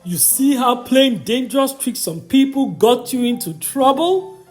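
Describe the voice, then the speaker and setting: A woman's voice: sits high, animated, a little slow, soft background music. A woman voicing a stern father who scolds his son firmly. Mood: scolding. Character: stern father, grown man.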